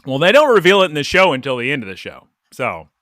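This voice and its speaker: A man's voice: fairly high pitch, very animated, fast, sharp tone, dry recording, clean studio sound. A man co-hosting a podcast, recapping an anime episode in rambling, jokey casual chat full of "like". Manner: rambling, jokey, lots of "like" fillers. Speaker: podcast co-host.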